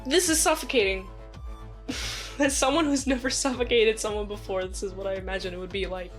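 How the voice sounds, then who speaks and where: A woman's voice: mid-range voice, level tone, a little fast, faint music behind. A woman giving a casual movie review, rambling with lots of "like"s. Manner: rambling, many "like"s, acts out quotes.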